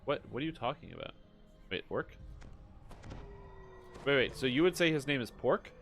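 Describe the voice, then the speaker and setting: A man's voice: medium pitch, very animated, moderate pace, creaky, a bit bright, faint music behind. A man streaming a game, chatting casually, joking around and answering his chat in a rambling way. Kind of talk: casual gameplay commentary.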